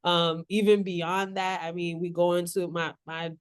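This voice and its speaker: A woman's voice: lowish voice, little pitch movement, measured pace, smooth. A woman poet from South Florida, chatting in an interview, laughing often, and reading her poem with a rhythmic spoken-word cadence. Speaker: poet guest. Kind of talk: interview chat and poetry reading.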